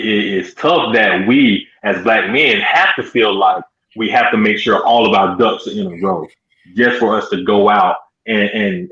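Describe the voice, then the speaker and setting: A male co-host telling a personal story in a halting way, repeating words as he goes. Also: a bit bright. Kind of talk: casual chat, personal story. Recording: echoey, dull low-fi audio.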